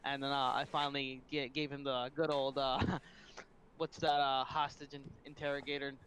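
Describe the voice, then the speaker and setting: A man's voice: medium pitch, little pitch movement, moderate pace, a bit bright, slight background noise, low-quality recording. A young man co-hosting a stream, telling rambling stories with a lot of swearing and laughing. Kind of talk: casual stream chat.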